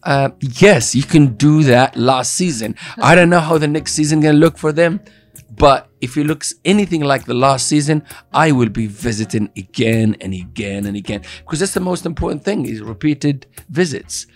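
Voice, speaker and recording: A man's voice: medium pitch, lively intonation, moderate pace. A man hosting a casual chat show, playful and joking, fond of trying silly accents. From expat living in Dubai. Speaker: show host.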